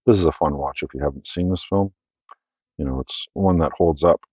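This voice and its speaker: A man's voice: rumbling low, fairly quick, husky, no echo, muffled recording. A Canadian man hosting his own channel, casually rambling through his film collection with many fillers and self-corrections.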